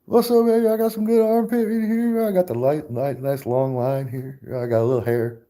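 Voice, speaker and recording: A man's voice: mid-range voice, level tone, brisk, warm tone, pitched above the performer's own voice, lightly acted. A man putting on the voice of a flirty woman showing off her armpit, in a teasing, sing-song come-on.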